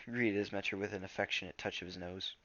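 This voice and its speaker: A man's voice: sits low, steady tone, fast, pushed and bright, no room sound, muffled recording. A man reading a storybook aloud in a casual way, stumbling over words now and then. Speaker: reader.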